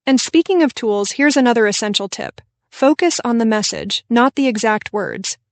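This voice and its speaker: A woman co-hosting a scripted English-learning podcast, explaining tips in a clear, encouraging way. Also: a little high, animated, normal speed, no room sound. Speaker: podcast co-host.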